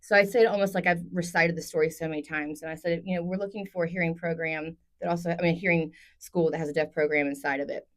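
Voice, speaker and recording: A woman's voice: fairly low pitch, fast talker, hardly any pauses. A woman in her thirties, a company founder, telling her personal story in a casual interview and acting out the voices she quotes. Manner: animated storyteller who acts out quoted voices. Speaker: interior design company founder, podcast guest.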